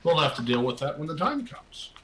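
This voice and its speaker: A man's voice: fairly high pitch, very animated, fairly quick, crowd noise, low-quality recording. A man voicing a scheming woman dealer who teases and bargains, condescending. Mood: bargaining.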